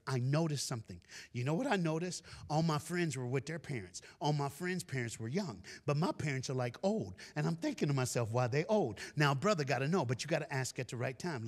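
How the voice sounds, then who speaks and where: A man giving a storytelling sermon as a guest speaker, animated and folksy, talking straight to the crowd. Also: mid-range voice. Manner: animated, addresses the crowd directly, folksy talk. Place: large church hall. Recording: long hall reverb.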